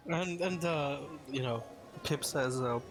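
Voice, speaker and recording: A man chatting casually on a stream, animated and joking, swearing freely. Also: fairly high pitch, takes it slowly. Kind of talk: casual chat.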